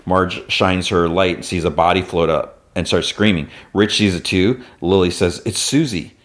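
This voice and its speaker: Deep-voiced man retelling a show. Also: steady tone, normal speed, fairly bright tone. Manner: retells scenes, acting out lines in a raised voice; loose, filler-heavy storytelling. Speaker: podcast host. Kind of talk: casual episode recap.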